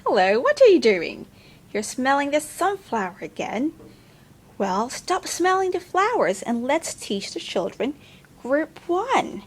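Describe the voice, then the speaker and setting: A woman's voice: high-pitched, very animated, a little slow. A woman teaching young children phonics in a sing-song way, sounding out letters one at a time and encouraging them. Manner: talks to a puppet helper.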